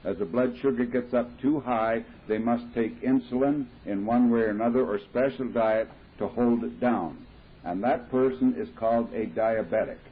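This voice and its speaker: Man, husky voice, plain explanatory talk, recovery meeting speaker, tinny old tape recording. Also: medium pitch, moderate pace. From Midwestern United States. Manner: plain, explanatory, with homely comparisons.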